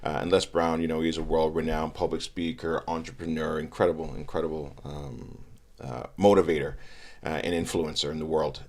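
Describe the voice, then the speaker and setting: A man talking as a guest in a casual interview, an animated storyteller who acts out what people said. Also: rumbling low, moderate pace. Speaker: guest investor.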